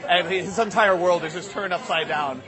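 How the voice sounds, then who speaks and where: Young guy rambling thru a long joke, high voice, crowd noise all around. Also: a little fast, over music. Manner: rambling, lots of fillers. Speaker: storyteller. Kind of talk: comic storytelling to an audience.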